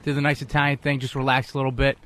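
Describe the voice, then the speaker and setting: Quiet, bright-voiced man on radio. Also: medium pitch, flat delivery, racing, slight background noise. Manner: quiet, laid-back, brief replies. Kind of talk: casual radio banter.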